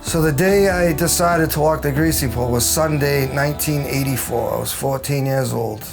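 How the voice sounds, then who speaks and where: A gravelly-voiced man recounts his story for a documentary, lively and chuckling as he acts out what everyone said. Soft music plays underneath him. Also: medium pitch, moderate pace. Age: 50s. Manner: animated, acts out quoted dialogue, chuckles between beats. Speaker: interviewee, former champion.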